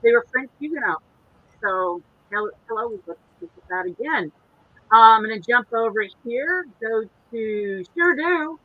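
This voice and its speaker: A woman's voice: a little high, lively intonation, a little slow, narrow, tinny audio. A woman co-hosting a casual online chat show, reading viewer comments aloud in a chatty way. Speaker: co-host.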